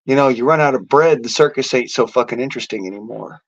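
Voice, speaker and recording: A man delivering an angry, profane rant to the camera, bitter and cursing nearly every phrase, now and then breaking into hoarse yelling. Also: medium pitch, quick pace, muffled recording. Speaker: vlogger.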